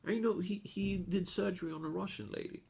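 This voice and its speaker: A man's voice: high-pitched, brisk, gravelly, breathy edge. A man, co-hosting a podcast in casual chat and swearing a lot. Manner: animated, swears a lot, frequent restarts. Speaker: podcast co-host.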